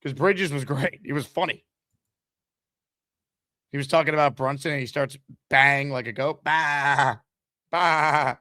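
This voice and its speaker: A man hosting a live call-in sports show, talking with fast, energetic enthusiasm and reading giveaway promos. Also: mid-range voice, no echo, studio quality. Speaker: sports talk show host.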